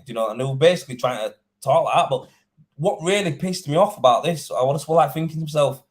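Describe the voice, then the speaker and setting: A man's voice: a little high, fast. A young man, a plasterer, chatting casually and indignantly on a livestream, swearing and rambling. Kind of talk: casual live-stream chat.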